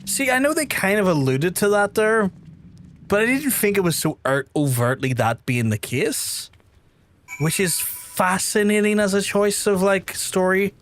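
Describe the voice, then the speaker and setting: A young man, chatting casually while playing a game, rambling and animated. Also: high voice, unhurried, a little hiss or hum. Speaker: streamer. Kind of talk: casual let's-play chat.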